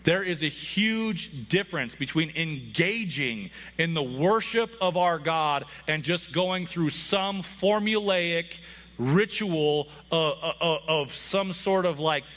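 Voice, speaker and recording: A man's voice: on the high side, expressive, slow pace, fairly bright tone. A man, a pastor, preaching a conversational sermon to his congregation with frequent asides.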